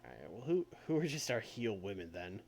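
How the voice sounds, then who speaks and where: Streaming a wrestling booking game, a very animated man talks briskly through every choice, with vocal fry and big pitch swings. He rambles, swears casually, and often trails off before starting again. Soft music sits faintly behind him.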